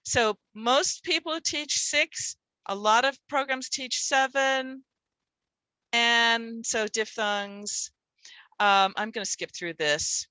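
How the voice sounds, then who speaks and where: A woman's voice: on the high side, slow pace, pushed and bright, no room sound, rough recording. A middle-aged woman leading a teaching workshop, explaining in a conversational way with rhetorical questions. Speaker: literacy teacher trainer.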